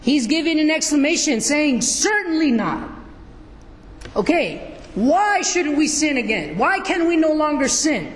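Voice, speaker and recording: Preacher, male, high-pitched, unhurried, teaching from scripture in a reverberant hall. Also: big pitch swings. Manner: slow, questioning the congregation. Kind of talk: sermon. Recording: echoey hall.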